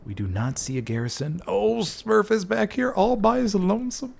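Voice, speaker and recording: A man casting a competitive online shooter match play-by-play, folksy and excitable, jumping up in pitch at big plays. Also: normal speed, creaky. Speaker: esports caster. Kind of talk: play-by-play game commentary.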